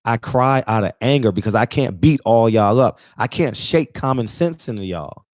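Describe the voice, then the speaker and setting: A man's voice: mid-range voice, lively intonation, normal speed, darkish tone, no echo, clean studio sound. A man in his forties, emotional and near tears, delivering an emphatic, preachy casual monologue that repeats points for emphasis. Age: 40s. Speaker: barbershop talk show regular.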